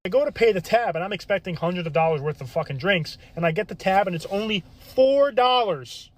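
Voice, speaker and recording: A man rattles through crude jokes framed as things that happened to him. He talks very quickly in a slightly raised voice, with deadpan setups and a swear here and there before each punchline. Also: high-pitched. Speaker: joke storyteller. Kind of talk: telling crude jokes as first-person stories.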